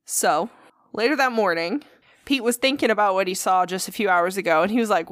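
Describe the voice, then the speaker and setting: A woman's voice: mid-range voice, animated, quick pace, a bit bright, dry recording, studio quality. Profane chatty woman telling a story. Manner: profane, chatty, acts out quotes. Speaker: podcast co-host. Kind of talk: casual storytelling.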